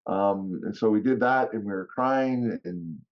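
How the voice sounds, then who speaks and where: A podcast guest telling personal stories in casual talk, animated and often laughing. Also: male voice, fairly low pitch, unhurried, lo-fi sound. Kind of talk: casual storytelling.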